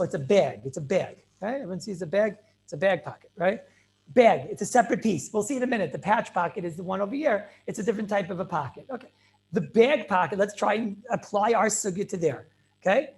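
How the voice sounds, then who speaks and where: A man teaching a Talmud class over a video call as a rabbi, emphatic and repetitive, with Hebrew and Yiddish terms mixed into his English. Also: high-pitched. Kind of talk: animated Torah lecture.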